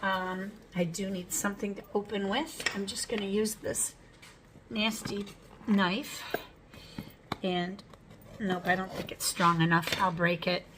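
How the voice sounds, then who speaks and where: A woman's voice: mid-range voice, fairly even intonation, measured pace, background noise. A woman hosting her own art channel, talking through an unboxing in a chatty, rambling, frank way at home. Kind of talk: casual unboxing vlog.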